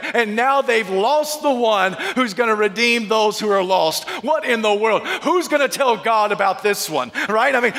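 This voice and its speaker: Pastor giving a sermon, a man with a high voice, animated and funny storyteller, echo of a hall. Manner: animated storyteller, humorous, dramatic. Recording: echoey hall.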